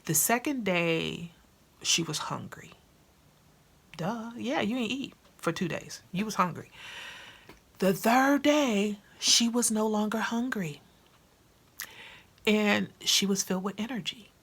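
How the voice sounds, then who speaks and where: A woman vlogging in a casual, chatty way, animated and colloquial, acting out what people said. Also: mid-range voice, takes it slowly, pauses often, breathy edge. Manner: chatty, animated, acts out quotes; colloquial, with slangy grammar. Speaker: vlogger and author. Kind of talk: casual chat to camera.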